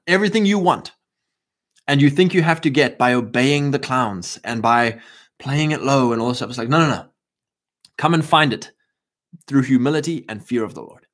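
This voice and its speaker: A South African man hosting a livestream in a fervent, rambling, preachy monologue, with many restarts and a lingering cough. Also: medium pitch. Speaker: livestream host.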